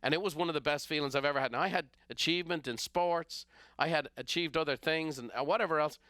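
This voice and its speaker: Irish guy, middle-aged, coaching podcast, lively storytelling, bright crisp voice, dry close mic. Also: a little high, fast talker, dry recording. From Ireland. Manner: animated storyteller who acts out characters. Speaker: business coach and podcast host. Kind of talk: storytelling motivational talk.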